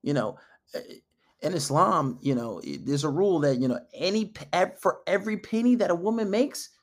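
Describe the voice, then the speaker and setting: A man's voice: fairly high pitch, very animated, brisk. A man giving dating advice in a casual monologue, blunt and emphatic, often acting out quoted dialogue. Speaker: dating coach.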